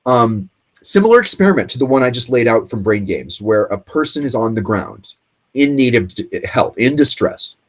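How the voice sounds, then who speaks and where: A man's voice: mid-range voice, animated. A man hosting a late-night show, rambling through a casual monologue while choked up and tearful. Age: grew up in the 1980s. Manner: rambling, halting, with fillers and restarts.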